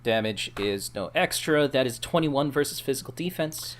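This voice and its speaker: A man's voice: mid-range voice, animated, moderate pace, a little hiss or hum. Man methodically explaining his spell. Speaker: player. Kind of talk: casual tabletop play.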